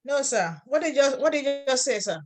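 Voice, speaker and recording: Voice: high voice, lively intonation, fairly quick, roomy sound. A student answering a tutor's questions during a lesson, with short replies.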